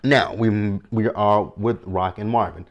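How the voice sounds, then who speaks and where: A TV recap host, a man, chats animatedly and addresses his viewers directly as he casually goes over an episode. His voice is fairly low and a little slow, and the recording sounds muffled.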